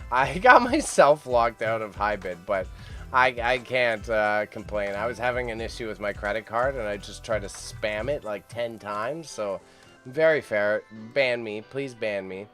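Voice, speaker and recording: A young man from Canada hosting a casual live stream about an auction. He talks in a loose, chatty way, swears, laughs often and jumps up in pitch when excited.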